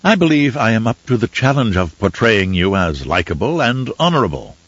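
A prim, theatrical etiquette advisor speaks in a smooth, silky voice and lectures with pedantic correctness, as a man reads him in an audiobook. The voice sits fairly low and the recording is dull and muffled. The room is dry and close. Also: big pitch swings, fairly quick, no echo, exaggerated voice. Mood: prim, instructive. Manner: pedantic, theatrical, overly proper. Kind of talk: audiobook character reading.

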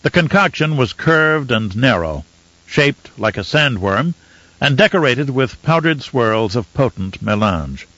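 A man narrating a novel in a measured storytelling manner. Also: medium pitch, lively intonation, a bit bright, no echo. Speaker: audiobook narrator. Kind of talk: scripted audiobook narration. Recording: slightly muffled dry recording.

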